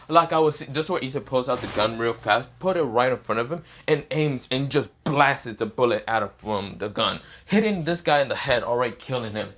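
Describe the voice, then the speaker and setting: A man's voice: medium pitch, lively intonation, brisk, a bit bright, a little hiss or hum. A man improvising a fan-fiction story aloud, rambling with many fillers and self-corrections.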